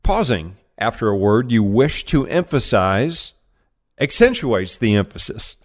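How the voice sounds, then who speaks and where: Man, sales trainer, motivational lesson, emphatic, pitch swinging up and down. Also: measured pace. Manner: energetic, emphatic, varies pitch widely.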